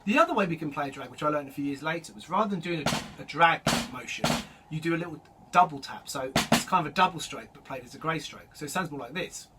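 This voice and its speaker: A man teaching drum rudiments, explaining each stroke in a relaxed way and calling out the stickings as he plays. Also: fairly high pitch, fast. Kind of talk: instructional demonstration. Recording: distant mic with loud drum noise.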